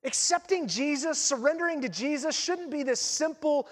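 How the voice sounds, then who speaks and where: A man with a high, light voice preaches a sermon, pressing his points with emphasis and repetition. His words ring out with a long reverb, as if spoken in a large church hall. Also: normal speed. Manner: emphatic, repeats key phrases.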